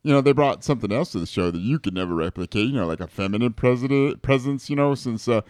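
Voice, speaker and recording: A man talks in loose, rambling radio banter, stumbling and restarting as his pitch swoops up and down. His voice sits close and dry on a studio microphone. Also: lively intonation, a little mellow, no echo. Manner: rambling, halting, full of fillers. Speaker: radio co-host.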